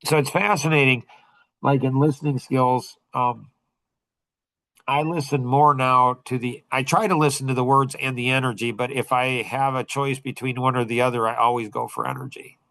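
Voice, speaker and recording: A man's voice: medium pitch, fairly even intonation, moderate pace, a bit bright, no echo, poor audio. A middle-aged man talks casually to a small group, rambling and circling back with lots of fillers and false starts. His voice sits in the middle of the male range. The recording is dry and close, with no room sound. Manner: rambling, with many fillers and restarts. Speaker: podcast host and coach.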